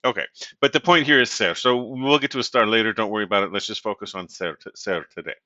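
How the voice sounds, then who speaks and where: A man's voice: on the low side, fast talker, dry recording. Male Spanish instructor, casual lecture delivery, lo-fi dry recording. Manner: relaxed and conversational, many fillers and "right?" tag questions. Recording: dull, dry lo-fi audio.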